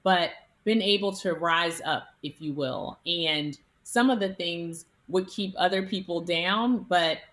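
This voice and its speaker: A woman physician being interviewed, telling stories in an animated, conversational way. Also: on the low side, measured pace, hardly any pauses. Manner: animated, acts out quoted people in her stories. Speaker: physician, guest.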